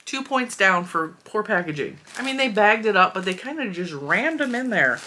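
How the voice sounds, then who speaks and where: A woman's voice: mid-range voice, big pitch swings, normal speed, hardly any pauses, sharp tone, a little hiss or hum. A woman in her forties hosting a casual yarn review vlog, chatty and candid with a playfully blunt edge. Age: 40s.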